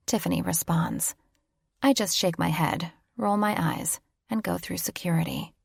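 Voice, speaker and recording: A woman's voice: lowish voice, gravelly, no room sound, studio quality. A woman narrating a first-person romance audiobook in a wry, confiding way, dropping to whispers for inner thoughts.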